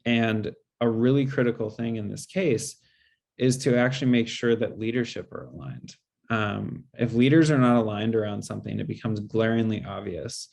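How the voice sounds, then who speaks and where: A man speaker answering audience questions in a webinar, measured and explanatory, with frequent fillers. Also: fairly low pitch, vocal fry, darkish tone. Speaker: guest speaker.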